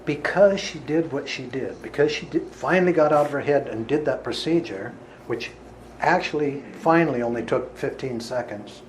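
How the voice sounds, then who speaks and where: A man of middle pitch recounts a healing session in an earnest storyteller's voice. He now and then rises to forceful emphasis. A faint hum of noise sits behind him. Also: rough recording. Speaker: healer giving a talk. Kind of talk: storytelling talk to an audience.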